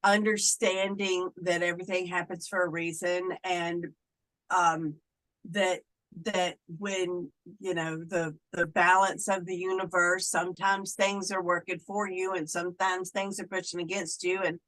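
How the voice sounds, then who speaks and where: A woman's voice: on the low side, level tone, a little slow, fairly bright tone, rough recording. A middle-aged woman, a Wiccan clergy member, talking casually in an interview and slipping into playful voices when she quotes people.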